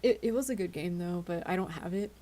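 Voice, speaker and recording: A woman's voice: on the low side, fast talker, mellow. A tired woman chatting casually with her viewers on a live stream, giggly and often tripping over her words. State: tired, yawning.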